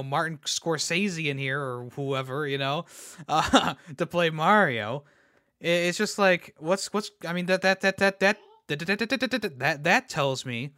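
A young man on a podcast, ranting casually with lots of restarts and repeated words. His voice is bright and a touch high. The sound is dry and close, with no room around it. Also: no room sound. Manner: rambling, repeats words, laughs at his own jokes. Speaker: podcast host. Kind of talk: casual opinion rant.

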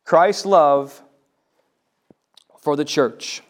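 A man preaching a sermon, speaking in slow, emphatic phrases and repeating lines for weight. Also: a little high. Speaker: pastor.

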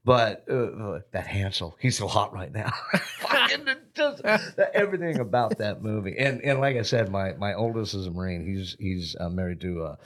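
A man's voice: fairly low pitch, sing-song, moderate pace, a bit bright. A middle-aged man co-hosting a casual podcast chat, telling rambling, profane stories and laughing often. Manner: profane, rambling storyteller who laughs a lot. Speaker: podcast co-host.

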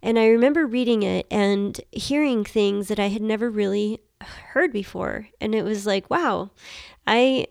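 A woman's voice: mid-range voice, unhurried, gravelly, no room sound, studio quality. A woman in her thirties hosting a podcast, talking with a nasal voice from a cold, eager and reflective. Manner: enthusiastic, reflective. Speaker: podcast host. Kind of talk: casual solo podcast talk.

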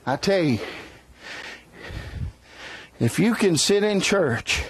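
A man preaching a sermon in a fervent style that swells into shouts, with folksy conversational asides. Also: sits high, expressive, slow pace, husky.

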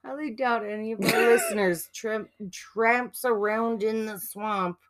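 This is a woman co-hosting a casual podcast, teasing her co-host as they trade back and forth. She speaks slowly, and her voice sits a little higher than most women's. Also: steady tone.

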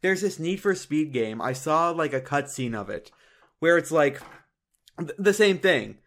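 A young man co-hosting a podcast in casual chat, animated, laughing often and doing mocking impressions. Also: on the high side, measured pace. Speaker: podcast co-host.

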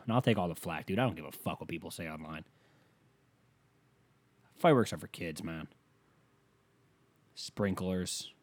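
A man's voice: low-pitched, measured pace, long pauses. A man doing a rambling, profane stand-up rant, talking casually and losing his thread at times. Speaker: comedian.

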